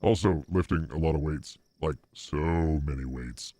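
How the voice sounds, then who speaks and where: A man voicing a boastful, self-absorbed young rival chef in a video game, with loud, theatrical exclamations. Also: rumbling low, moderate pace, dry recording, pitched below the performer's own voice.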